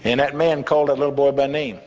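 A man's voice: mid-range voice, little pitch movement, quick pace, darkish tone. An older man, a pastor, telling a folksy testimony in a sermon with chuckling asides. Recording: echoey hall, slightly dull with faint hiss.

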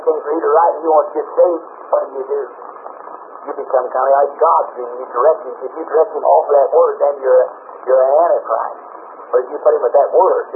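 A preacher telling stories in a sermon, folksy and rambling, acting out the dialogue. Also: male voice, medium pitch. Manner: folksy, rambling, with many restarts and quoted dialogue. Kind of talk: sermon storytelling. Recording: tinny lo-fi tape with faint hiss.

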